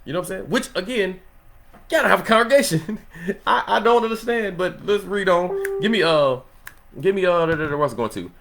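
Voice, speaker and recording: A man in a relaxed Bible study who teaches the scripture in a loose, conversational way, laughing often and checking in with his listeners. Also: high-pitched, a little fast, faint music behind. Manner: loose and conversational, laughs often, asks "you know what I'm saying?".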